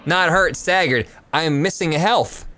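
A man's voice: a little high, a little slow, pushed and bright. A man streaming a video game live, talking to his chat, often frustrated and swearing. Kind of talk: live gameplay stream commentary.

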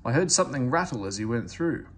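A man's voice: medium pitch, animated, fast talker, lightly acted. A man voicing a shy, eager little tank engine in a read-aloud storybook. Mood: cross. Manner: shy and earnest.

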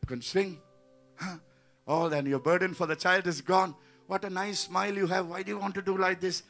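A man's voice: high-pitched, fairly even intonation, normal speed, fairly bright tone, soft background music. A man in his sixties leading a healing service as pastor, fervent and repetitive in call-and-response. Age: 60s.

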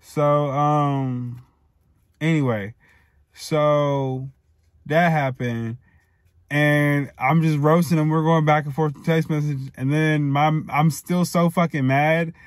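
A man's voice: fairly high pitch, steady tone, slow, no echo, clean studio sound. Man in his twenties, heated rambling storytime. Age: 20s. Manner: heated, profane, rambling with many fillers. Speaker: storytime vlogger. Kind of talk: casual storytelling.

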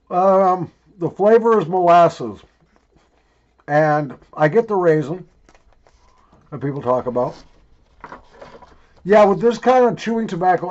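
An older man reviews chewing tobacco in a loose, joking, crude ramble, his words thick from the wad in his cheek. His voice sits a little high. The recording sounds dull and lo-fi. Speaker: video reviewer. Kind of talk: casual tobacco review vlog.

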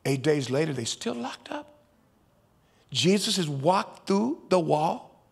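Gravelly preacher with a dramatic sermon delivery. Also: male voice, a little high, sing-song, slow. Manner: dramatic, swings from hushed whispers to loud urging. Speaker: pastor.

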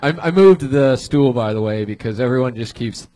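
A man sitting on a live comedy show panel. He offers feedback in a halting, thoughtful way, with a steady mid-range voice. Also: mid-range voice. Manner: halting, thoughtful advice with restarts. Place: comedy club stage.

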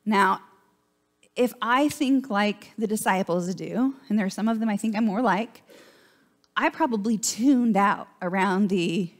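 Speaking at a medium pitch and slightly slow pace, a woman preaches to her congregation as pastor. She keeps the sermon informal and talky, often tossing in "right?".

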